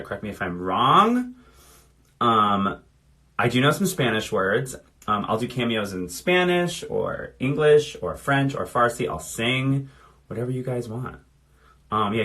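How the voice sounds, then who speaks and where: A man's voice: lowish voice, a bit bright. A man in his thirties chatting casually on a phone livestream, reading out viewer comments while doing his makeup. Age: 30s. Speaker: drag performer.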